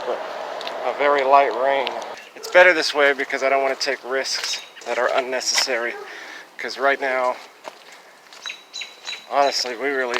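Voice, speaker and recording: A man's voice: medium pitch, background noise. A young man chatting to the camera on an outdoor walk, self-mocking and a little winded. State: out of breath on a hill. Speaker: vlogger. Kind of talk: casual outdoor vlog. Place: outdoors by train tracks and a hill. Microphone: handheld action camera.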